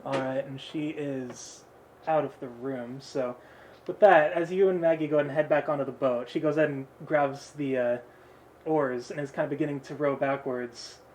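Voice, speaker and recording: A man's voice: mid-range voice, moderate pace, a little hiss or hum, poor audio. Laid-back male game master. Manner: relaxed, laughs often, many fillers. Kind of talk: narrating a tabletop game.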